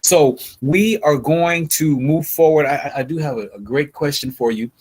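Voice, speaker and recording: A man's voice: a little high, normal speed, darkish tone, slightly rough. A man hosting a casual livestream interview, folksy and full of sayings, often repeating his words as he talks. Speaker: livestream host.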